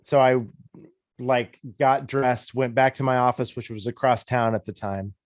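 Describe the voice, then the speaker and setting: A man in his thirties, a disc golf commentator, telling stories in a relaxed, rambling, self-deprecating way during a casual interview. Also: medium pitch, moderate pace, no room sound, clean studio sound. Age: 30s.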